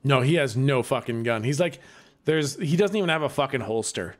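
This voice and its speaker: A man's voice: medium pitch, lively intonation, brisk. A man acting as game master who narrates the scene in a casual, profane style.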